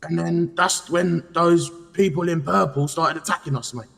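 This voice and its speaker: A man's voice: a little high, fairly even intonation, moderate pace, creaky, fairly bright tone, long reverb tail. A man playing a brash, chatty male police officer in a game role-play, speaking, rambling and tacking "mate" onto every phrase. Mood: defensive.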